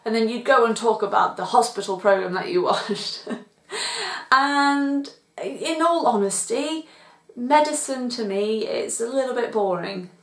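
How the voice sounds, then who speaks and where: A woman's voice: on the high side, lively intonation, a little slow, fairly bright tone. Chatty young British woman, echoey room. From Britain. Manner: chatty, enthusiastic, laughs often. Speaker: TV review vlogger. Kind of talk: casual vlog review.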